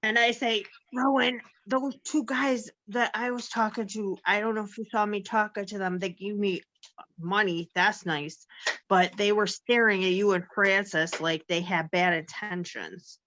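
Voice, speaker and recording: A woman playing a tabletop game, speaking in character in a measured, deliberate way. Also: medium pitch, fairly even intonation, fairly bright tone, dry recording. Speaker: player. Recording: dry lo-fi audio.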